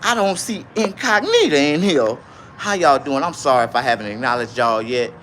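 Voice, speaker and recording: Rambling, animated man on a livestream. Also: medium pitch, normal speed, a little hiss or hum. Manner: rambling and animated, swinging between loud outbursts and mumbling. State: out of breath. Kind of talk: casual livestream rant.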